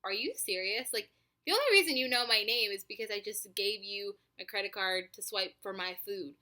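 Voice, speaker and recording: Bright-voiced young woman vlogging. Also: medium pitch, a little fast. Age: 20s. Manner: animated, profane, chatty with many fillers. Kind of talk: casual storytelling to camera.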